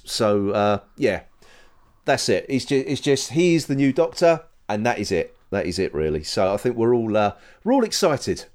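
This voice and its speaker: Man, podcast co-host, casual chat, rambling and jokey, lively pitch. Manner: rambling, self-correcting, joking.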